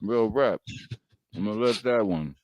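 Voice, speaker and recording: A man's voice: on the low side, a little slow, no room sound, dull audio. A man who is a guest on a live stream, answering back with dismissive, mocking retorts.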